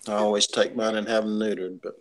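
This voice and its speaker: A man's voice: fairly low pitch, level tone, fast. A man with a Southern accent, chatting casually on a livestream and answering in short, easygoing replies.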